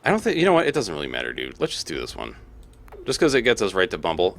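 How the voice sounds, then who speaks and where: A man's voice: sits low, huge pitch swings, quick pace, gravelly, a little hiss or hum. A young man casually commenting on his own gameplay as a let's play host, thinking aloud and laughing often.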